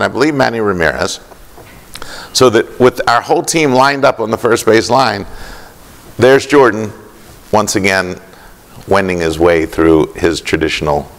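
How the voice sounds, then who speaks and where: A man with a fairly low, gravelly voice tells an anecdote as a keynote speaker. He paces his story with deliberate pauses and vivid detail. The sound carries a long reverb from a conference hall.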